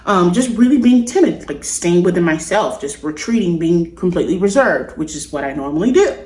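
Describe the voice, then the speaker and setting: A woman's voice: on the low side, expressive, a little fast, a little mellow. A woman vlogger telling a personal story to camera in an earnest, confiding, meandering way. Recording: echoey room.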